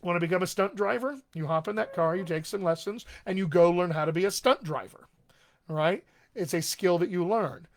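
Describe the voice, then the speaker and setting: A man coaching actors on accents during a live stream question session. His voice sits a bit above the usual male pitch, and he talks in an encouraging, unscripted way. He leans on frequent fillers between his points. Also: a little fast. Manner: encouraging and conversational, many fillers. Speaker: dialect coach. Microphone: webcam or desk mic on a live stream.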